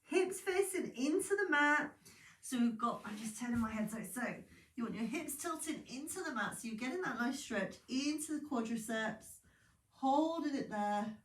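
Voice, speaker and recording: A woman leading a pilates class, calm and encouraging, sounding sleepy. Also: high-pitched, normal speed, distant mic. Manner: calm, encouraging, chatty asides. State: sleepy, yawning. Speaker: pilates instructor. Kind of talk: guided exercise class instructions. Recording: echoey room, voice from off-mic.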